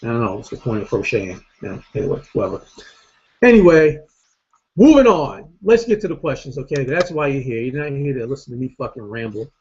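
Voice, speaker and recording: A man's voice: medium pitch, very animated, fairly quick, darkish tone. Tired, cursing man ranting on a vlog. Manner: profane, rambling, blunt. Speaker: host. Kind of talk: casual vlog rant. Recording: dull lo-fi recording.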